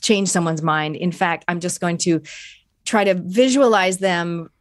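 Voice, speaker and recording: A woman's voice: fairly low pitch, unhurried, no echo, studio quality. Earnest woman podcast host. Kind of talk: casual podcast chat.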